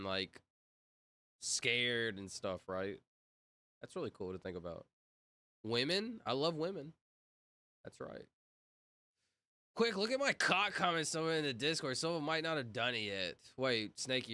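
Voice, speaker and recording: Male streamer, casual chat with viewers, very animated pitch, spells letters aloud, music bed underneath. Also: no echo. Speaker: livestreamer. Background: music playing.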